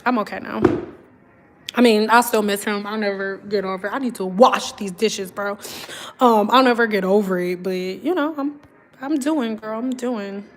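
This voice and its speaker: A woman's voice: mid-range voice, normal speed. A woman, chatting casually on a livestream and often saying "girl" and "y'all". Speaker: livestream host.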